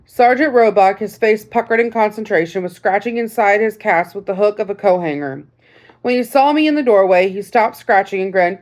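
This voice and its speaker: A woman narrating a first-person audiobook in a measured, reflective storytelling manner. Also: medium pitch, darkish tone.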